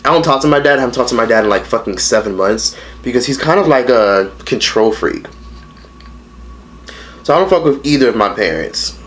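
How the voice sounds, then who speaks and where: Young guy, late teens, casual rambling vlogger, swears freely, blunt delivery, middle-pitched. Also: expressive, a little fast, a bit bright, a little hiss or hum. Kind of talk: casual mukbang storytelling.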